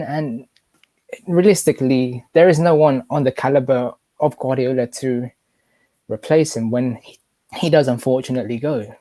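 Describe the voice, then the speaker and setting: A man calling in to a fan show, emotional and halting, with many restarts. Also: medium pitch, dark tone, no echo. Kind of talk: casual live chat.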